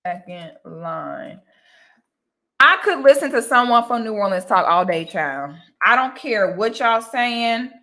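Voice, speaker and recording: Bright, chatty young woman vlogger. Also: on the high side, normal speed, few pauses. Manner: chatty, animated, talks straight to her audience as "y'all". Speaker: vlogger talking to viewers. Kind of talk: casual chat to camera.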